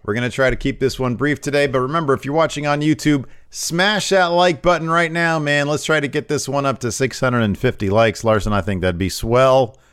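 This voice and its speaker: A man's voice: medium pitch, a little fast, few pauses, fairly bright tone, clear, resonant tone, dry recording. Man hosting a podcast, mid-range voice, chummy banter, dry close recording. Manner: jokey, chummy, speculating loosely. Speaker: podcast host. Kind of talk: casual wrestling news chat.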